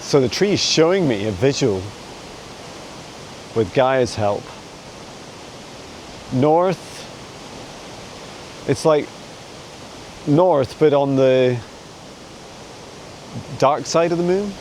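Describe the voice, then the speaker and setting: A man of middle pitch chats while strolling through a forest with a dog, speaking into a handheld phone camera. His talk wanders along with easy laughs. A faint stream runs behind him. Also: expressive, extremely slow, pauses often, slight background noise, poor audio. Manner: chatty and meandering, with frequent soft laughs. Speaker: psychic mentor answering viewer questions. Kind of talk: casual walking vlog. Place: forest outdoors. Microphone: handheld phone camera while walking a dog.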